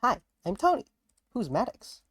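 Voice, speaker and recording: A woman's voice: fairly high pitch, huge pitch swings, normal speed, fairly bright tone, slightly rough, dry recording, studio quality, pitched above the performer's own voice, heavily acted. A woman voicing Tony, a chipper, simple-minded male sidekick who keeps cheerfully repeating his own name.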